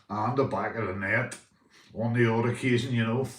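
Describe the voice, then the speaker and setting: A man's voice: mid-range voice, a little slow, bright, forceful tone, far from the mic. A Northern Irish man chatting casually to viewers on a live stream, rambling and swearing, calling everyone mate. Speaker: livestreamer. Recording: roomy, off-mic sound.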